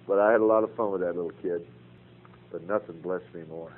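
An older man with a fairly low voice teaches a Bible class in an earnest, folksy way, weaving stories in among scripture quotes. The sound comes through a thin, phone-like radio broadcast. A faint hum runs beneath it. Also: fairly even intonation, quick pace.

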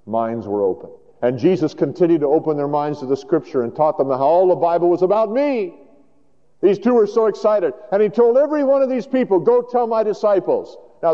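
A man preaching a sermon in an animated way, moving between loud emphasis and hushed tones. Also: mid-range voice. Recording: dull lo-fi sound with long hall reverb.

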